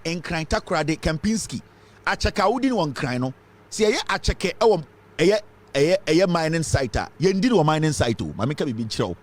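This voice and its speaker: A man from Ghana with a Ghanaian accent, giving fiery political commentary full of rhetorical questions. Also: high-pitched. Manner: fiery, rhetorical questions, mixes English and Twi.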